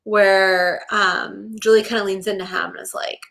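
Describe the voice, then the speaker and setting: A young woman co-hosting a podcast, chatting casually about a TV episode and acting out the characters' lines in quick quotes. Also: mid-range voice, little pitch movement, gravelly, a bit bright. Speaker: podcast co-host. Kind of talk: casual chat recapping a TV episode.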